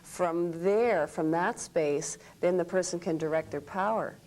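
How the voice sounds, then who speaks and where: A woman's voice: fairly low pitch, unhurried, darkish tone, low-quality recording. A woman interviewing a healing teacher, summing up her points and affirming them. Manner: supportive, summarizes the guest's points. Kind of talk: interview, brief affirmations and questions.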